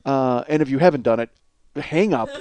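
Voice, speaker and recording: A man's voice: mid-range voice, normal speed, a little mellow. A man hosting a comedy podcast, telling a rambling, profane, self-mocking story and laughing at his own jokes. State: cold sore on face. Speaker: podcast host. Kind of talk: comic storytelling monologue.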